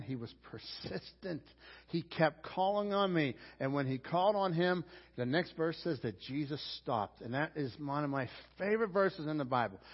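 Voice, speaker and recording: A man preaching a sermon as pastor in a church, driving his points home with repetition and rising emphasis. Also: mid-range voice. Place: church sanctuary. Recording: dull sound with long hall reverb.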